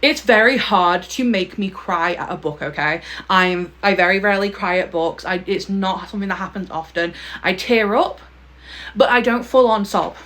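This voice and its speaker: A woman's voice: mid-range voice, moderate pace, fairly bright tone. A young woman talking casually to camera about her favourite books, gushing and emphatic, often ending a point with a pointed "okay?". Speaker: book vlogger.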